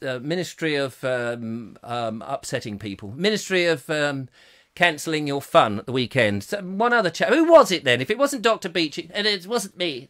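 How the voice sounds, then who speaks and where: A man's voice: a little high, big pitch swings, normal speed, a bit bright. A man hosting a live comic chat show, rambling and jokey and often breaking off mid-sentence. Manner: rambling, jokey, self-interrupting. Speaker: host.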